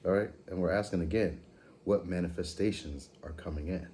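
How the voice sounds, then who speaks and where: Man, very low voice, dark tone, slangy and laid-back, casual tarot reading, faint background hiss. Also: brisk. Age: adult with a school-age daughter. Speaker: tarot reader, channel host.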